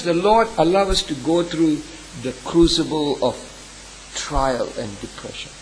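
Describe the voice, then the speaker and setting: A man's voice: lively intonation, unhurried, a little hiss or hum, poor audio. A man, a pastor, tells a personal story in a sermon, earnest and emotional, sometimes lifting his voice sharply. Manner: earnest, emotional storytelling with sudden rises in pitch.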